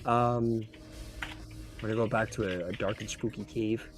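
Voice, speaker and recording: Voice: mid-range voice, normal speed, faint music behind. A game master narrating a tabletop game in a casual, filler-heavy way. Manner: casual, lots of fillers, lively.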